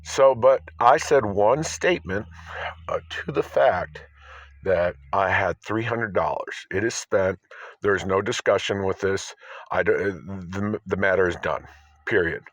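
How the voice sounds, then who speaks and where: Insistent man with a low, dry voice. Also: unhurried, a bit bright, no echo. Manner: agitated, insistent, keeps asking "all right?". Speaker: vlogger. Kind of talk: rambling self-filmed monologue. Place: outdoors by his car.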